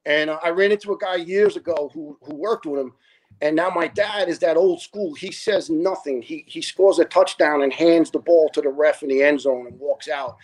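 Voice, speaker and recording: A man's voice: on the high side, moderate pace, darkish tone. A man in his fifties, a retired fire lieutenant from Staten Island, telling family stories in an earnest, heartfelt way as a podcast guest. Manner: earnest, heartfelt, acts out other people's words. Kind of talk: casual storytelling.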